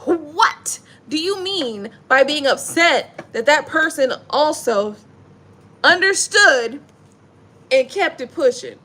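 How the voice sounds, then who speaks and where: Bubbly tarot reader lady, bright voice that jumps all over, joking around and laughing a lot. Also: high-pitched, takes it slowly. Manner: animated, laughing, slangy and playful. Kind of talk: casual live tarot reading.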